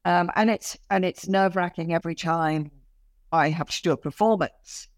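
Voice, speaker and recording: A woman's voice: fairly low pitch, moderate pace, no room sound. London woman pushing sixty, chatty and self-mocking, dry close sound. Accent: London English. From London, England. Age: late 50s. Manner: chatty, animated, self-mocking, many restarts. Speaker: guest author and performer. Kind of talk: casual interview chat.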